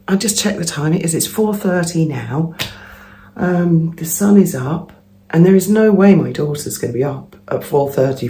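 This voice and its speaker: A woman's voice: low voice, creaky, mellow, slight background noise. A woman vlogger telling a gossipy story in a chatty monologue at home, laughing often. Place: at home early in the morning.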